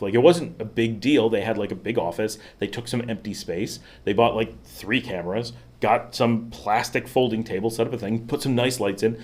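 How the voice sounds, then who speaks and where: A man with a slightly low voice talks loosely through a live stream, drifting from one thought to the next. He fills pauses with lots of ums and likes, and laughs now and then. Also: darkish tone. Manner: rambling, chatty, frequent fillers and laughs. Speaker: vlog host. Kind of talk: casual livestream chat. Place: at home in the city.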